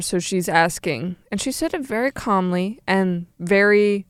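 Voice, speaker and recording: A woman's voice: lowish voice, moderate pace, few pauses, clean tone, no room sound, clean studio sound. A young woman co-hosting a podcast, chatting casually about a reality show with bursts of exasperation. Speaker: podcast co-host.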